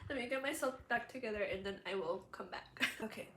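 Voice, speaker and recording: A young female vlogger with a medium-pitched, slightly bright voice tells a personal story at normal speed, chatty and full of fillers. She gets emotional and laughs through tears, in a room with an echo and a faint background hum.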